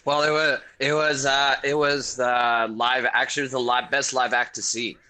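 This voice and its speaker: A man with an American accent, a musician telling stories in a relaxed, chatty way and laughing often. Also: medium pitch, normal speed, clean tone, poor audio. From South Florida, USA. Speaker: guest musician. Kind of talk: casual interview chat over beers.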